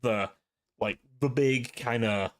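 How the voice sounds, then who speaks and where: Speaking slowly at medium pitch, a man hosts a livestream and chats casually with viewers. He rambles, rants, and swears, using "like" heavily.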